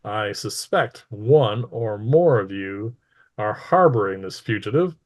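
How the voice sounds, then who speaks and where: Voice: medium pitch, lively intonation, darkish tone. A man voicing a menacing tyrant queen. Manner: smug, menacing, slow and deliberate. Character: cold, scheming female ruler who threatens townsfolk.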